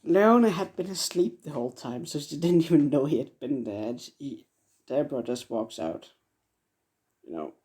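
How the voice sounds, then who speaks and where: A man's voice: a little high, expressive, normal speed, a little mellow. A young man telling an improvised fan story, rambling with lots of fillers.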